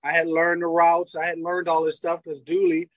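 A Louisiana man, once a college football player, tells stories casually as an interview guest, laughing often and animatedly acting out what people said. His voice is a little high and his pace moderate, on a dry recording of poor audio quality.

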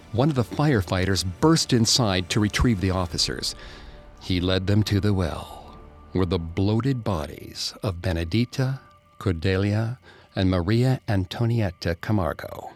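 A man narrating a true-crime story in a measured, somber storytelling manner. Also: deep voice, expressive, faint music behind.

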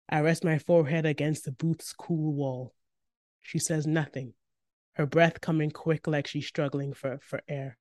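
A woman narrating a first-person story in an expressive, tense reading. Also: deep voice, a little slow, dry recording, clean studio sound.

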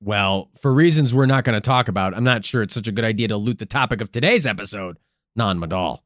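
A man hosting a comedic podcast, playful and animated, who swears casually while explaining history. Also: lowish voice, quick pace, dry recording, clean studio sound. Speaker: podcast host.

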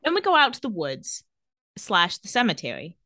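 A woman recaps a TV episode in casual chat, throwing in sassy asides. Her pitch swings up and down freely. The sound is close and dry. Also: huge pitch swings, normal speed, bright, forceful tone, dry recording. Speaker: podcast co-host recapping a TV episode.

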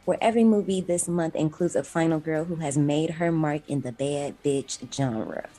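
A woman from the Midwest US hosting a podcast in casual chat, playful and slangy, quick to laugh. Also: low voice, music in the background. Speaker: podcast host.

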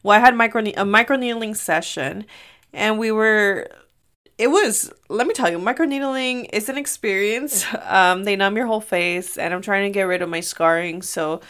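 Young woman rambling on her podcast from her room, chatty storyteller, laughs a lot, medium pitch. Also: normal speed, fairly bright tone. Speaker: podcast host. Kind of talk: casual solo podcast chat.

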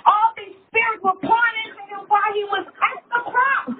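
High-voiced woman preaching over a tinny line. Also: steady tone, brisk. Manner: impassioned, emotional preaching. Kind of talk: sermon. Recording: tinny phone-like line with faint hiss.

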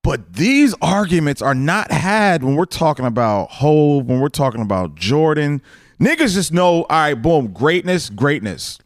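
A man co-hosting a podcast, making his case in a casual debate, deliberate and emphatic. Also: on the high side, animated, dry recording, studio quality. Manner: deliberate, emphatic, pushes back.

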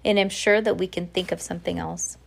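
A woman's voice: on the low side, fairly even intonation, brisk, vocal fry. A woman reading aloud, voicing an optimistic male mill worker who talks in an upbeat, encouraging way.

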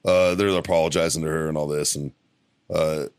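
A man's voice: very deep voice, fairly even intonation, a little fast, clean tone, no room sound. A man co-hosting a casual podcast, telling rambling, profane stories about his weekend from a studio. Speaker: podcast co-host. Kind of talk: casual storytelling chat.

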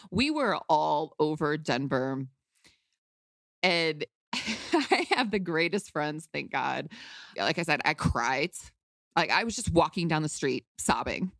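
A woman's voice: deep voice, gravelly, no room sound, studio quality. A woman hosting a podcast, candidly telling a personal story in an emotional, outspoken way with casual swearing. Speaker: podcast host.

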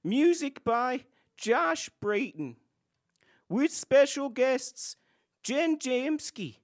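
A woman reads the closing credits of a comedy podcast. Her voice sits fairly high and swings widely in pitch. She reads slowly and carefully, and she keeps laughing at her own slips over a name. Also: animated.

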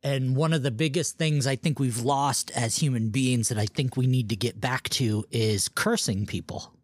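Husky-voiced man riffing on a podcast. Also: mid-range voice, fairly even intonation, normal speed, no room sound. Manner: rambling, playful, laughs often. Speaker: podcast co-host. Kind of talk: casual comedy banter.

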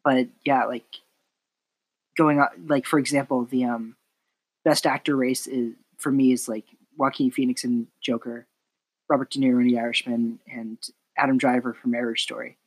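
A man's voice: medium pitch, level tone, normal speed, breathy edge. A man hosting a film podcast, talkative and opinionated, steering the conversation back on track. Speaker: podcast host. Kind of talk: casual film discussion.

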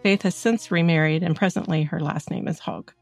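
A woman co-hosts a true-crime podcast, reading her script in a measured, steady manner. Her voice sits a little low and has a gravelly, creaky texture, with faint music underneath. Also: no echo, clean studio sound. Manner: measured reading, agreeable in chat. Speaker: podcast co-host.

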